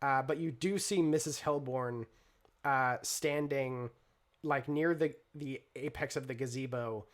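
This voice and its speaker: A man narrating a tabletop role-play game as game master, relaxed and rambling, with lots of fillers. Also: medium pitch, a little slow.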